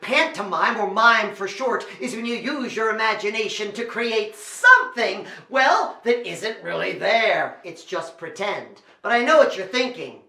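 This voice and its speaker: A man's voice: high voice, sing-song, measured pace, creaky, hardly any pauses, sharp tone. A man performing as a children's entertainer and storyteller, talking straight to kids at home with a playful, exaggerated show delivery. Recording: roomy echo.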